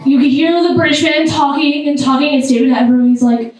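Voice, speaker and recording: Female stand-up comic, high voice, animated delivery, boomy club echo heard from a distance. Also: fast. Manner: animated, with sudden high squeals. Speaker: stand-up comedian. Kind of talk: stand-up comedy set. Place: comedy club stage. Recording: echoey club sound from far off.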